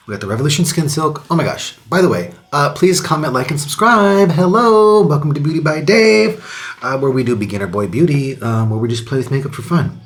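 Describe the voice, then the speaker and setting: Chatty young man filming a makeup tutorial. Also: medium pitch. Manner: chatty, upbeat, drops to whispers while applying. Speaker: beauty vlogger. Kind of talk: casual makeup tutorial chat.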